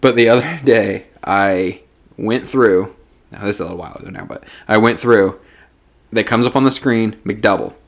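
A man's voice: fairly low pitch, normal speed. Profane man telling a story. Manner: profane, animated storytelling with bursts of laughter. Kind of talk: casual storytelling chat.

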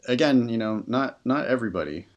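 Co-hosting a podcast, a test-prep tutor chats casually in a mid-range voice, animated and fairly quick. He's candid and leans heavily on filler words, and the recording has its highs cut off.

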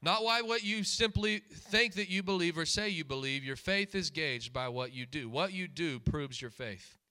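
Bright-voiced preacher man. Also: high-pitched. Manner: emphatic, repeats key phrases, asks the congregation questions. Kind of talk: sermon.

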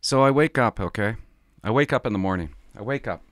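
A man's voice: lowish voice, expressive, a little fast, no echo, clean studio sound. A middle-aged man from Canada, a former police officer, talking casually and confidingly on his podcast, rambling and laughing as he tells stories.

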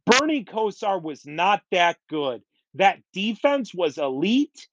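Man, high voice, fed-up sports rant, dull dry mic sound. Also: sing-song, takes it slowly, hardly any pauses, a bit bright, no echo. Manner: exasperated, repetitive, blunt. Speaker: sports podcaster. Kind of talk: ranting sports commentary.

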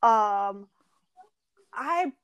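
A woman in relaxed conversation, sharing candid personal anecdotes and laughing often. Her voice sits a little higher than most women's. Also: drawn-out words, clear, resonant tone. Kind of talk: casual chat.

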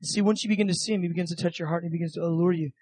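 Male preacher with a high voice; earnest, conversational delivery with repeated phrases; dry sound. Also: fairly even intonation, rapid-fire, darkish tone, dry recording, rough recording. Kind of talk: sermon.

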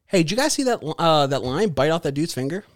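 A man co-hosting a casual podcast chat, animated, laughing and swearing freely. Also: fairly high pitch, fast. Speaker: podcast co-host.

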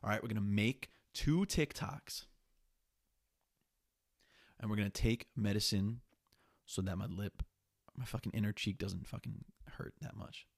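A young man talks through his day in a loose, profane solo podcast monologue. His voice sits low and has a gravelly fry to it. He sounds restless and slightly sniffly, and the sound is close and dry with no room echo. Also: unhurried, long pauses. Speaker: podcast host.

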